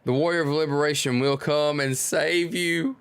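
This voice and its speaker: A man reading the lines of a gentle, grieving father comforting his son in a manga, in his own voice. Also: fairly high pitch, fairly even intonation, normal speed, clean tone, no room sound. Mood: tender.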